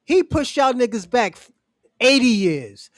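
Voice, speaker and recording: A man holds forth on a livestream in a loose, profane, mocking rant, often breaking into laughter. His voice sits high for a man and sounds close and dry, with no room around it. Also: sing-song, measured pace, dry recording. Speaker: livestream host.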